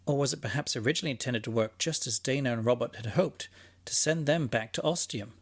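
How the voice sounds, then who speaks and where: Husky-voiced man musing aloud. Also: medium pitch, quick pace. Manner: musing, dryly sarcastic. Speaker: podcast host and narrator. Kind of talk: scripted conversational monologue.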